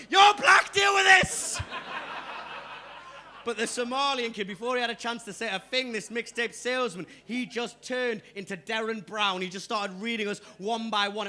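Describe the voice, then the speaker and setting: A man's voice: sits high, sharp tone. A male stand-up comedian, doing a brash, sweary live set and talking straight to the crowd on a club stage. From Newcastle upon Tyne, England.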